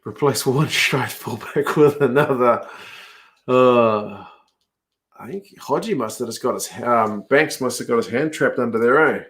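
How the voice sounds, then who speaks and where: Casting: New man, mid-pitched, casual watch-along host, chatty and reactive. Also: a little slow, fairly bright tone. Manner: chatty, reacting aloud to play and reading viewer comments. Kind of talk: casual live rugby watch-along chat.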